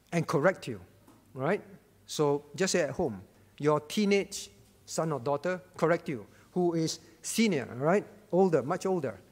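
A man's voice: high-pitched, slightly rough, long reverb tail. A man preaching a sermon as pastor, emphatic, repeating his key phrases and putting questions to the congregation. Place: church.

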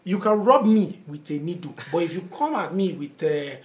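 A man's voice: high voice, normal speed. A man, a comedian telling stories in casual chat and acting out what people said, often laughing. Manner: animated storyteller acting out quotes, laughing often. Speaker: comedian guest.

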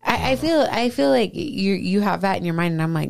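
A middle-aged woman hosting a faith podcast in casual chat, upbeat and quick to laugh, restarting her words as she goes. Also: mid-range voice, expressive, vocal fry, a little mellow. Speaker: podcast host.

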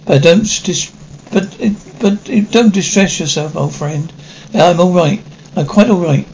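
An older actor playing a melancholy aging stage star in a 1950s television drama, talking in a wistful, theatrical way. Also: male voice, high voice, unhurried, a little mellow, highs cut off. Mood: weary, melancholy. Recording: faint hiss of an old TV soundtrack.

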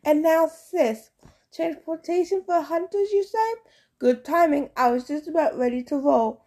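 A woman's voice: high-pitched, unhurried, warm tone, pitched above the performer's own voice. Woman reading as a cocky young sun god. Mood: cocky, playful. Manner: boastful, cheerful, showy.

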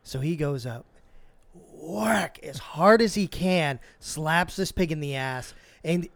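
A man co-hosting a podcast, telling a long story in casual, profane chat and acting out the quotes with lively swings. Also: on the high side, slow pace, dry recording. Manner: animated, profane, acts out quotes. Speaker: podcast co-host.

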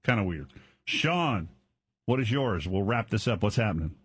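A man's voice: fairly low pitch, expressive, normal speed, breathy edge, no room sound. A middle-aged man hosting a radio show, bantering and telling stories with his co-hosts. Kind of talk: casual morning radio banter.

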